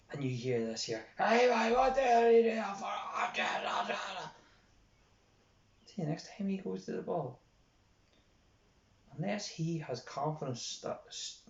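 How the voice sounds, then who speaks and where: A man's voice: medium pitch, darkish tone. An Irish man coaching others, talking earnestly and repeating his points for emphasis. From Ireland. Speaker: youth sports coach. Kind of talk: informal coaching talk. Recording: roomy, dull lo-fi sound.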